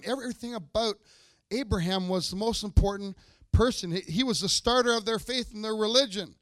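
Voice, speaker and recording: A man with a high, bright voice preaches a sermon to his congregation. He reads scripture aloud and builds into emphatic bursts, and his voice sounds close and dry. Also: moderate pace, no echo. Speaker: pastor.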